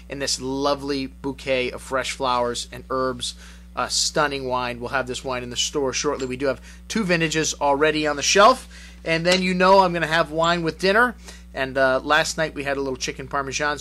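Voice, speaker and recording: A middle-aged man hosting a wine show, chatting casually through wine reviews with frequent uhs and pauses. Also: medium pitch, pushed and bright, slight background noise. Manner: chatty, many uhs, lists wines. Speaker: wine shop host.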